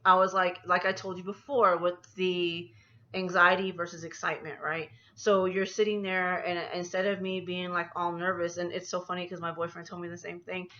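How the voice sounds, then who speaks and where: A woman's voice: fairly low pitch, little pitch movement, normal speed, pushed and bright, muffled recording. A woman anxiety coach talking casually to camera in a personal vlog, rambling as she talks herself through her feelings.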